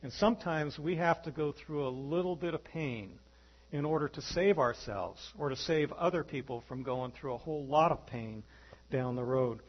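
A man preaching a sermon as pastor, animated, acting out the voices in his stories. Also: fairly high pitch, normal speed, breathy edge, highs cut off.

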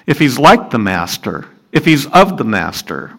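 A man preaching a sermon and explaining scripture, earnest, asking his listeners rhetorical questions and rising in pitch and volume for emphasis. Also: expressive, normal speed, creaky, hardly any pauses, a bit bright.

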